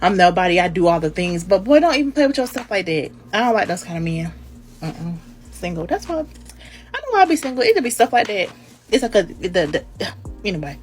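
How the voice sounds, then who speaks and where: A woman's voice: mid-range voice, very animated, fairly quick. A woman giving a sassy, emphatic casual rant to her phone camera, laughing at her own remarks. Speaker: social media commenter.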